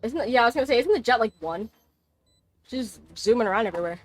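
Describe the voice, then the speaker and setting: A woman's voice: fairly high pitch, animated, quick pace. A young woman streaming a game, chatting casually, swearing, laughing and exclaiming as she plays.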